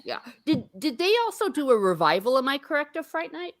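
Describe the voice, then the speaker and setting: A woman's voice: high-pitched, sing-song, a little fast. Chatty woman hosting a livestream. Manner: chatty, laughs often, greets viewers. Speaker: host. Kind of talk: casual chat on a livestream.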